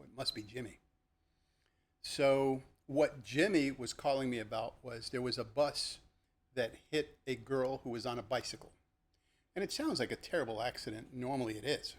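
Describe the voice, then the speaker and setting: Older retired police lieutenant telling stories. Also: male voice. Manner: animated, acts out the people in his stories with sharp jumps in pitch; conversational, with fillers and restarts. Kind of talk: podcast storytelling.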